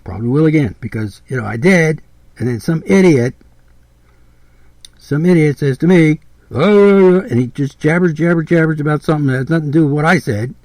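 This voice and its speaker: A man's voice: fairly high pitch, a little fast, darkish tone, no room sound. A man in his seventies giving a blunt, rambling podcast monologue, repeating himself and swearing freely. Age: 70s. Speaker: podcast host.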